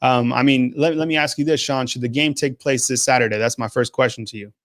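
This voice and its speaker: A man's voice: mid-range voice, steady tone, brisk, fairly bright tone, no room sound, studio quality. A man hosting a sports call-in show, talking hesitantly with many restarts. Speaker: host.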